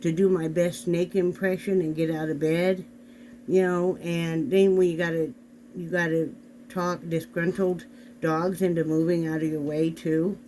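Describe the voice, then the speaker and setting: A man's voice: a little high, level tone, measured pace, mellow, a little hiss or hum, low-quality recording. A man chatting casually to his viewers from a home bedroom, rambling and talking straight to the camera. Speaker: vlog host. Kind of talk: casual chat. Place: home bedroom, sitting on the bed. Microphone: camera on a desk.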